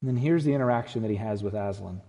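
A man preaching an Easter sermon as pastor, emphatic, swinging between loud emphasis and hushed, intimate passages. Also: fairly low pitch, racing. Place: church sanctuary. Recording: long church reverb.

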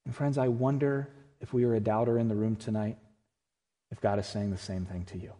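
A man's voice: lowish voice, fairly even intonation, fairly quick. Emphatic male pastor in a reverberant church. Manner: emphatic, swinging from loud to hushed and intimate. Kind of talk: Easter sermon. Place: church sanctuary.

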